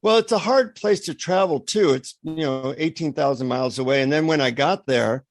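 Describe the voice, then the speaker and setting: A man guesting on a podcast, spinning a lively anecdote and acting out each exchange. His voice is a touch higher than most men's. The sound is close and dry on a podcast mic. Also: brisk, no room sound. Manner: lively anecdotal storyteller, acts out dialogue. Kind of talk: storytelling in an interview.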